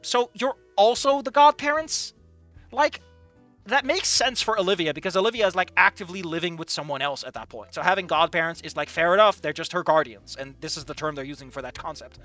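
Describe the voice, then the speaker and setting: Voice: mid-range voice, a little fast, fairly bright tone, soft background music. A streamer giving sarcastic, incredulous commentary on a visual novel and swearing freely. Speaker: let's play streamer.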